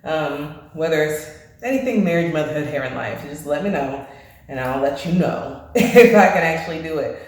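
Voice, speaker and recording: A woman's voice: sits low, expressive, moderate pace, darkish tone. A woman vlogging about her hair in a chatty, conversational way, a little out of breath. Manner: chatty and conversational, full of fillers. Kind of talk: casual chat. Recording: very echoey room, faint music.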